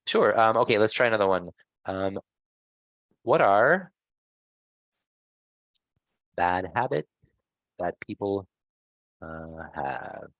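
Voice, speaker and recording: A man's voice: fairly low pitch, lively intonation, slow pace, long pauses, fairly bright tone, no echo, dull audio. A man teaching an online English class, patient and encouraging, repeating and rephrasing answers for his students.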